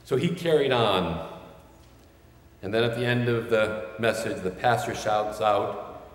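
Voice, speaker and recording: A man preaching a sermon as pastor, measured and building toward shouted refrains. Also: on the low side. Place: large church sanctuary. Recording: roomy church with long reverb.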